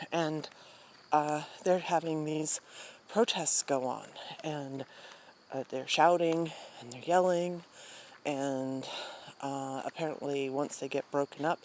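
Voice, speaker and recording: A woman's voice: low-pitched, darkish tone, slight background noise. A woman talking casually while walking outdoors at night, rambling with many fillers and sighs. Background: crickets and insects.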